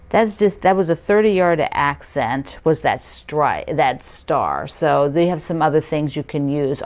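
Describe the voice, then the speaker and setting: A middle-aged woman with a low-pitched voice hosts a quilting show, chatting casually to her viewers while unboxing. She gushes and gasps with delight and thinks out loud as she goes. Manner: gushing, gasping with delight, thinking aloud.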